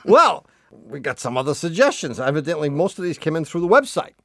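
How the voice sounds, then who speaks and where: A man's voice: a little high, very animated, a little fast, a bit bright, no echo, clean studio sound. A man with a Boston accent co-hosting a radio call-in show, joking, teasing and laughing a lot. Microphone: studio mic.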